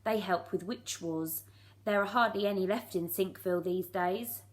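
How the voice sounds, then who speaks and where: A woman teacher reads a children's storybook aloud. Her reading is clear and steady. She brings the narration to life with an expressive touch. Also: medium pitch, normal speed. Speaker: primary school teacher.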